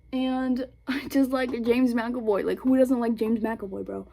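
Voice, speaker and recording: A woman's voice: a little high, steady tone, a little slow, vocal fry, dark tone. A young woman vlogger chatting casually about films, rambling with lots of fillers and giggles. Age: young adult. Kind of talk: casual chat.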